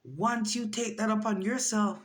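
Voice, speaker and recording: A woman's voice: medium pitch, measured pace, low-quality recording. A woman in her forties telling a personal story in a casual monologue, acting out what other people said. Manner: animated, acts out quoted voices. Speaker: vlogger.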